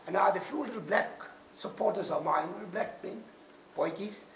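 A South African man in his sixties, a rugby supporter telling stories in a loud, booming, excitable way. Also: a little fast, echoey room, a little hiss or hum. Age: 60s. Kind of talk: animated storytelling.

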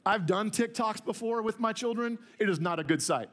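The pastor's voice is high and a bit bright, with lively intonation and a fairly quick pace. Addressing his church in the sanctuary, he keeps the sermon conversational and emphatic, and he repeats words when opening a phrase.

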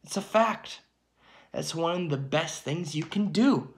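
A man's voice: fairly high pitch, expressive, unhurried, creaky. A man giving an emphatic, preachy spiritual monologue to his viewers, often checking in with "okay" and "my friends". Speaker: channel host.

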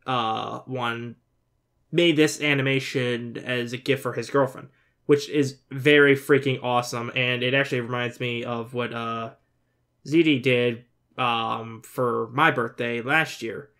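A man's voice: mid-range voice, steady tone, unhurried, a bit bright. A man hosting a casual video reaction, chatty and openly emotional, who exclaims and swears often. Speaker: reaction channel host.

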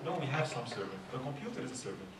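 A man's voice: mid-range voice, big pitch swings, very fast. Middle-aged male speaker, chatty youth talk full of questions; distant mic, noisy hall. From Egypt. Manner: conversational, asks many rhetorical questions. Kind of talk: informal religious talk. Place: large hall at a religious youth event. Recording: echoey hall, far from mic, background noise.

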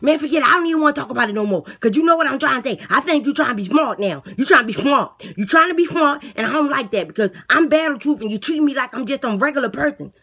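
A woman voicing a delusional, boastful male inmate blogger who talks with a lisp, loud and defensive. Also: sits high, expressive, fast talker, few pauses, breathy edge, voice pushed up, heavily acted. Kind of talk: comedy skit character voice.

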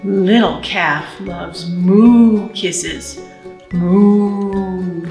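A woman leading a library storytime for babies, reading a picture book slowly and in a sing-song way and talking straight to the little ones. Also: fairly high pitch, big pitch swings, a bit bright, reverberant, faint music behind. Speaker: children's librarian. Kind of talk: baby storytime reading and singing. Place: library room.

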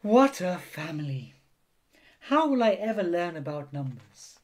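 A man voicing a young girl spider in a storybook reading, speaking in a bright, eager way. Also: sits high, very animated, measured pace. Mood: exasperated.

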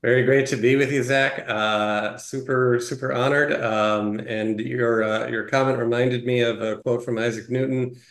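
A man of average pitch tells his story as an interview guest, earnest but halting, with frequent ums and uhs. His voice sits in a roomy, echoing space. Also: steady tone, fairly bright tone. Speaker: guest, tech executive. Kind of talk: casual interview conversation. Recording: roomy echo.

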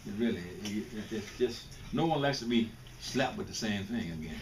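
A man's voice: fairly low pitch, lively intonation, brisk. An older man from Mississippi, talking bluntly and informally to students, often restarting and repeating his words. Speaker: guest speaker. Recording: distant mic with faint background noise.

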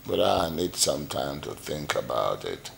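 A man's voice: a bass voice, big pitch swings, measured pace, vocal fry, a bit bright, slight background noise, full character voice. A man with a Nigerian accent playing an arrogant, condescending wealthy father. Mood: dismissive. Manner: cold, condescending.

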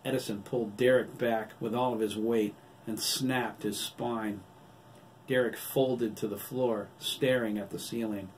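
A man with a lowish voice narrates his novel in a steady, even way. He sits a little back from the mic, and a faint hiss of noise stays under his voice. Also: unhurried, recorded from a distance, poor audio. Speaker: author reading his own novel. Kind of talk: audiobook narration.

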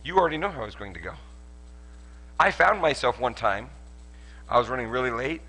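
A man preaching a sermon at a church service, animated and joking as he tells stories. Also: medium pitch, brisk. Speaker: pastor.

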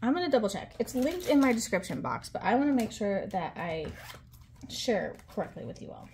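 A woman talking casually to viewers while she counts money out loud, chatty and with frequent ums. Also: fairly high pitch, big pitch swings, a little fast, a little hiss or hum. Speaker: budgeting vlogger.

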